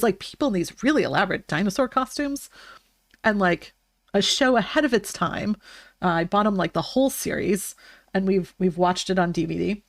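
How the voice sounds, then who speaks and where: A woman's voice: mid-range voice, dry recording, clean studio sound. Chatty rambling young woman streamer. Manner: rambling, chatty, full of fillers and restarts. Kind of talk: casual chat on a live stream.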